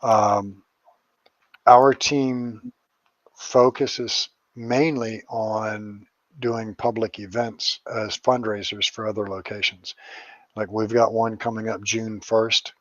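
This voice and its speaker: Speaking slowly and flatly in a fairly low voice, this middle-aged man is a psychic medium and paranormal investigator. In a casual interview he rambles through stories with crude jokes and swearing, on a recording with no room sound and cut-off highs.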